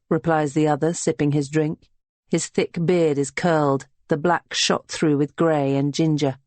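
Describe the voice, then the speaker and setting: An audiobook narrator reading a historical novel in a steady, even storytelling style. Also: medium pitch, a little slow, no echo. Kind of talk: scripted narration.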